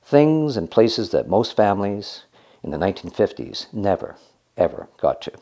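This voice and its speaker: A male narrator reads a scripted story with a reflective, gently wry touch. His voice sits low, and his pitch moves in lively swings. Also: normal speed.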